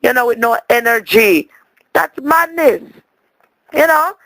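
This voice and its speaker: Guy putting on a jamaican auntie leaving a voicemail, super high voice, keeps stammering and griping, dry close sound. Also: expressive, a little slow, sharp tone, no echo, heavily acted, low-quality recording. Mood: exasperated. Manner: rambling, stammering, complaining. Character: chatty indignant Jamaican woman on a voicemail. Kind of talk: comic monologue as a voicemail.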